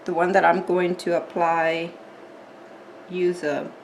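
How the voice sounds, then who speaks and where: A woman explaining her nail art tutorial step by step in a relaxed, chatty way, with fillers. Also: fairly low pitch, slow pace, slight background noise.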